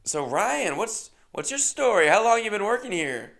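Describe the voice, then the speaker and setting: Guy putting on a high chirpy lady emcee, bubbly and teasing, showy. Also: big pitch swings, normal speed, creaky, a bit bright, full character voice. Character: bubbly blonde female event host, teasing crowd.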